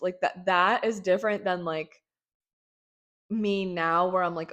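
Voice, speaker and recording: A woman's voice: fairly low pitch, steady tone, unhurried, long pauses, a bit bright. A young woman hosting her own podcast, rambling casually with many fillers, swearing and joking irreverently. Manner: chatty, filler-heavy, irreverent, swears and jokes. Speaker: podcast host.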